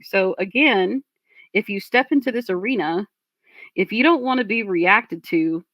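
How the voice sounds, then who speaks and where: A woman's voice: medium pitch, unhurried, a bit bright, dry recording. A woman streamer reacting to a video and reading chat, blunt and profane as she rants. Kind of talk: casual reaction commentary.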